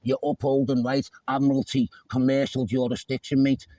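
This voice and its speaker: A man filming himself in an argument with police, repeating "mate" and often shouting. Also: medium pitch, flat delivery, normal speed, no echo, rough recording. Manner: argumentative, repeats "mate" constantly, stumbles over words. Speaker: self-filming activist. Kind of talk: heated roadside argument. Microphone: handheld phone camera.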